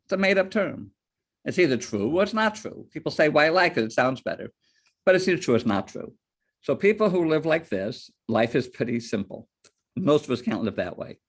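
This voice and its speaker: A man lecturing on ethics, mixing stories with rhetorical questions. His pitch swings widely as he talks, and a gravelly fry runs through his voice. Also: fairly quick. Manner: lively storyteller, rhetorical questions. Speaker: board ethics trainer. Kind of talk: lecture with personal anecdotes.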